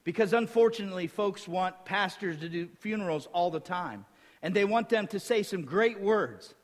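Animated preaching man in a hall. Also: high-pitched, moderate pace. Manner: animated preaching, quotes scripture, acts out dialogue. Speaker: pastor. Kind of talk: sermon. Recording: reverberant hall.

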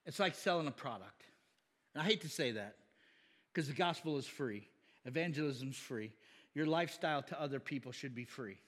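A man preaching a sermon in an animated, chatty way, laughing often and voicing quoted people. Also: mid-range voice, moderate pace, long reverb tail.

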